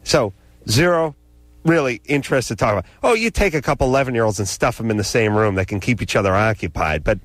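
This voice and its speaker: A man on a talk radio show spins a sarcastic, ranting comic story into a studio microphone. His voice sits at an ordinary middle pitch, and the sound is dry and close with no room around it. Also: fast talker, dry recording. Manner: sarcastic, ranting, animated delivery.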